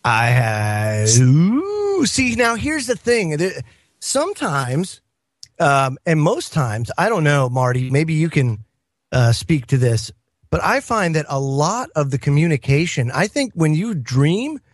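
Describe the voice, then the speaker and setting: A man's voice: a little high, sing-song, slow, dry recording, studio quality. A man from the UK co-hosting a casual podcast, hesitant and rambling, with many fillers. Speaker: co-host.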